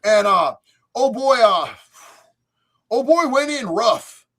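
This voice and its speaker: A male streamer tells crude stories in a profane, boisterous way. His voice runs high for a man and leaps all over the place, jumping from loud bursts down to low mutters. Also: sing-song, slow pace. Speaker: streamer host. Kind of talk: crude comedic storytelling on a livestream.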